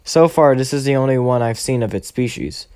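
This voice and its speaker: A man's voice: mid-range voice, a little fast, warm tone, clean tone, dry recording, clean studio sound, close to an everyday voice. A man voicing a nervous, modest teenage boy who talks in a hesitant, flustered way. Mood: explaining.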